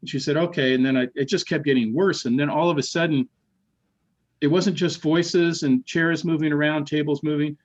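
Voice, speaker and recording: A middle-aged man, a podcast guest, telling a ghost story in casual chat, animated and repeating words as he acts out the voices he quotes. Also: fairly high pitch, normal speed, muffled recording.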